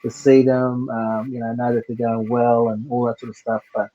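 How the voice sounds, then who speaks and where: A man's voice: medium pitch, little pitch movement, moderate pace, narrow, tinny audio. An Australian man speaking hesitantly with many uhs in a casual chat.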